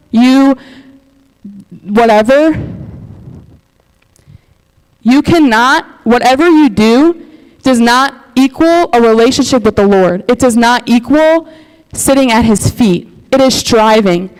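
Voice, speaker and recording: A young woman giving a youth sermon, animated, acting out prayers and checking in with "okay?". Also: a little high. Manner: animated, acts out quoted prayers, frequent "okay?". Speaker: youth speaker. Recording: long hall reverb.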